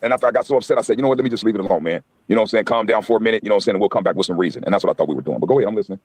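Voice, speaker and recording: A man, arguing fast and mockingly on a livestream panel, cutting in and cursing. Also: lowish voice, a little mellow, slightly rough, no echo. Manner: fast, interrupting, profane, mocking. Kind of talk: heated livestream panel argument.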